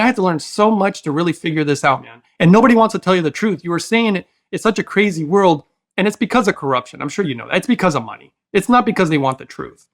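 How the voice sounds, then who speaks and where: A man speaking as a podcast guest, earnest and emotional, talking in a preachy, heartfelt way and calling the host brother. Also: on the high side. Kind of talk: casual interview talk.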